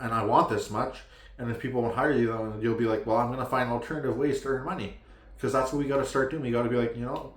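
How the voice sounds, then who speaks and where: A man's voice: mid-range voice, roomy sound. A man from Canada giving a frustrated, heated rant to the camera, pleading with viewers and leaning heavily on "like". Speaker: vlogger.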